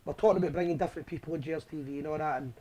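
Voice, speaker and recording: Fast-talking high-voiced Scottish man. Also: fairly even intonation, mellow. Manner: rambling, chatty storyteller. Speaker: host. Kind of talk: casual live show chat.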